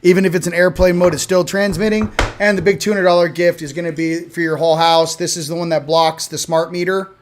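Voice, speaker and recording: A man hosting a casual livestream, chatting loosely, shouting out viewers and showing products. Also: a little high, little pitch movement, fairly quick, hardly any pauses, background noise. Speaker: host.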